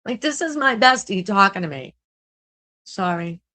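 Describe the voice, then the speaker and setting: A woman, an artist vlogging, reading a text aloud with earnest, emotional asides and halting restarts. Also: medium pitch, big pitch swings, sharp tone. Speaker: artist and content creator.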